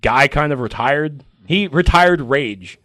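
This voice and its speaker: Animated man gushing about comics. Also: a little high, slow, no echo, clean studio sound. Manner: emotional, animated, acts out comic scenes in voices. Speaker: comic book podcast panelist. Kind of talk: excited casual chat.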